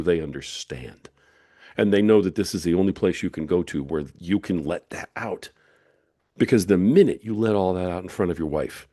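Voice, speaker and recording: Deep-voiced emphatic male podcast host. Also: mellow, dry recording, studio quality. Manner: emphatic, preachy, punchy declarations. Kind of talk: solo podcast monologue.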